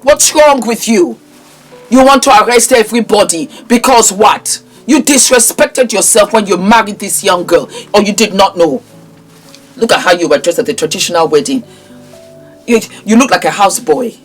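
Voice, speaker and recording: A woman's voice: medium pitch, moderate pace, husky, faint music behind. A middle-aged woman, giving impassioned, preachy commentary as a vlogger and scolding a man directly. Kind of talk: impassioned social media commentary.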